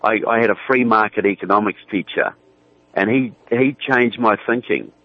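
A man's voice: fairly low pitch, normal speed, no room sound. A man with a New Zealand accent, a guest on political talk radio, talking emphatically and often repeating words as he starts a point. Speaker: guest on the phone. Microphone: phone. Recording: tinny dry phone line.

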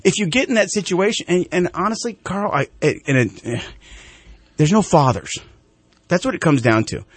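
A man's voice: high voice, moderate pace, breathy edge, no echo. A middle-aged man hosting a talk show, telling a casual story and acting out the voices of the people in it. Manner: animated storyteller, acts out quoted voices.

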